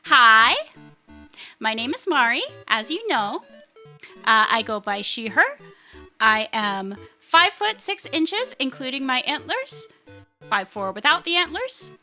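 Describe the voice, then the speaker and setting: A woman's voice: high-pitched, sing-song, slow pace, bright, forceful tone, faint music behind. A young woman streaming a playful, casual self-introduction at a desktop mic, giggling and chatting with her viewers. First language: English. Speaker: VTuber streamer.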